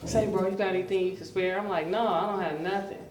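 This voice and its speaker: A woman hosting a stand-up comedy show in a club, brash and loud on her punchlines. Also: mid-range voice, steady tone, fast, distant mic, noisy background. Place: comedy club with live audience. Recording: roomy club sound, mic heard from afar, crowd laughter.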